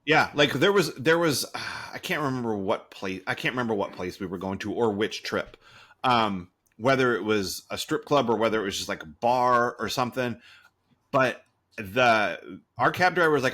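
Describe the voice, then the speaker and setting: This podcast co-host speaks at a normal speed with a medium pitch. In easygoing conversation he spins lively stories, performing each quote as he tells it.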